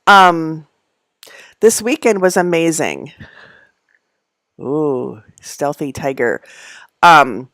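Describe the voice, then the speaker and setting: Woman host, middle-aged, rambling live-stream chat, quick laughs, dry sound. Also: low voice, no echo. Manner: rambling, chatty, laughs often between asides. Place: at home among packed belongings.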